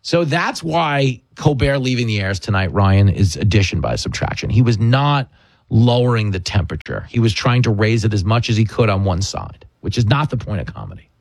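A man hosting a radio talk show, chatting casually and joking in a quick, animated way. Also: on the low side, no room sound. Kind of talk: casual comedic chat.

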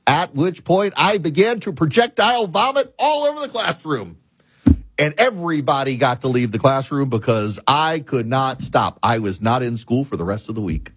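A man with a husky voice delivers a talk show monologue. He tells a story and explains in an emphatic, deliberate way. His pitch sits in the middle, and the recording is close and dry. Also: animated, no echo.

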